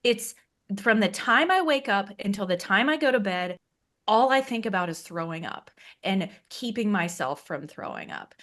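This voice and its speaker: An interview guest with a medium-pitched, somewhat bright voice shares her personal story in a frank, conversational way. She laughs frequently as she talks.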